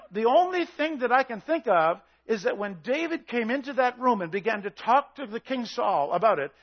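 Intense, high-voiced preacher shouting a sermon. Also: male voice, dull audio. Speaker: pastor.

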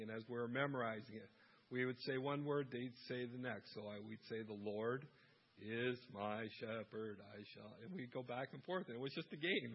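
A man's voice: medium pitch, slightly rough. A middle-aged man talking casually about faith and raising children, telling stories and laughing at himself. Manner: warm storytelling, laughs at himself. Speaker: Christian speaker on family life. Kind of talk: casual talk on faith and parenting. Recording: dull lo-fi sound.

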